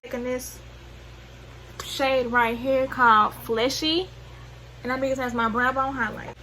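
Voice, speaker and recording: Speaking a little slowly, a woman with a high, pushed, bright voice and fairly even intonation leads a makeup tutorial in a Southern US accent. This beauty vlogger is chatty and rambling, slangy, self-correcting, and loses track mid-sentence. The recording is low quality.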